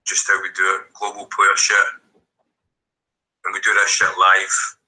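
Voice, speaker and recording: A man's voice: low-pitched, monotone, a little slow, bright, forceful tone. A man joining a livestream as a guest over a video call, talking blunt and slangy. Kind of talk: casual livestream chat. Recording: tinny video call audio.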